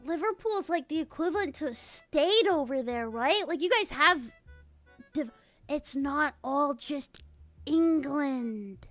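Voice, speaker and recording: Bubbly female host, bright, sharp tone, lively and exclamatory. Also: high-pitched, takes it slowly, no room sound, faint music behind. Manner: bubbly, giggly, exclaims often. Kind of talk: casual chat.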